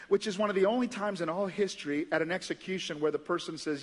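A man's voice: fast, hardly any pauses. A man with an American accent preaching a sermon as pastor, telling the story in a casual, conversational way. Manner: conversational storytelling, acts out voices with big pitch jumps. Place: large church hall. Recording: long hall reverb.

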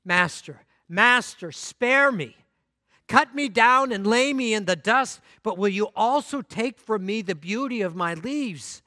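Casting: humble male bamboo plant, stammering pleas, high and bright, voiced by a man telling a sermon story. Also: slow pace, no echo, clean studio sound. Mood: pleading. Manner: stammering, pleading in high cries.

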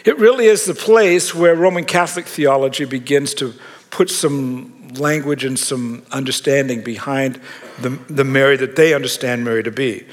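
A man's voice: mid-range voice, normal speed, long reverb tail. A man preaching a sermon in a conversational, joking way with self-mocking asides. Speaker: pastor.

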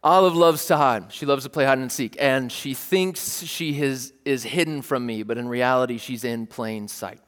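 A man preaching a sermon, animated, telling stories and acting out scenes with sudden outbursts. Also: medium pitch, moderate pace, hardly any pauses, smooth. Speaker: pastor. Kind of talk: sermon with storytelling. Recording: long reverb of a large hall.

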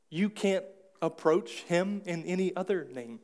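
A man with a fairly high voice preaches a sermon in a church. He talks in a relaxed, conversational way, dropping in quick asides and acting out little quotes. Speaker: pastor.

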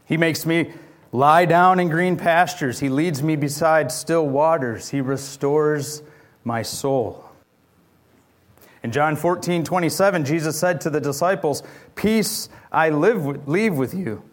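A man's voice: a little high, a little slow. A man preaching a sermon in church, earnest and pleading, firing off rhetorical questions at his congregation. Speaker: pastor.

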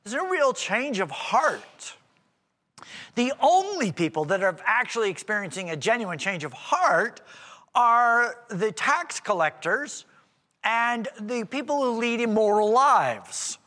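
Male preacher, high and animated, chatty explaining with asides, long church-hall reverb. Casting note. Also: takes it slowly. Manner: conversational, explaining with rhetorical asides. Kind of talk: expository sermon.

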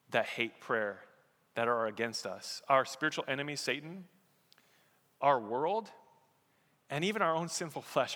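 A man's voice: fairly high pitch, fairly bright tone. A man preaching a sermon as pastor, telling stories and building to emphatic peaks. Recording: echoey hall.

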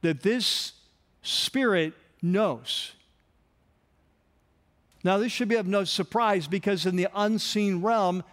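A man preaching a sermon as pastor, earnest and emphatic, pausing and restarting as he explains. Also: high-pitched, in a large hall.

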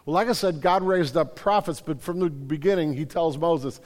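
Guy preaching a sermon, kinda high voice, switches between reading scripture and chatting it out, big church echo. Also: moderate pace, hardly any pauses. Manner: animated, reads scripture aloud then retells it conversationally. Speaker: pastor. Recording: hall reverb.

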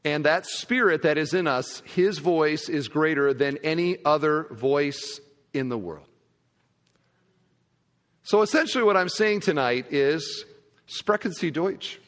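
A male pastor preaching a sermon, telling a humorous story in a conversational, animated way. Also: fairly high pitch, unhurried. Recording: long hall reverb.

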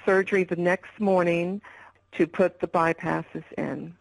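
Older woman guest, candid and rambling storyteller, fairly low voice, dry sound. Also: steady tone, measured pace, vocal fry, no room sound, poor audio. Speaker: interview guest. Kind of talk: personal health story in an interview.

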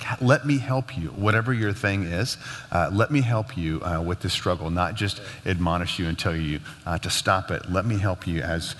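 A man teaching about marriage in a relaxed, conversational way, laughing now and then. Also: deep voice. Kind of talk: casual teaching talk. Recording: long hall reverb.

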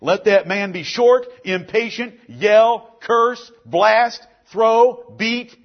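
A man's voice: high voice, very slow, hardly any pauses, highs cut off. A man preaching a sermon as pastor, building emphasis through repeated lists.

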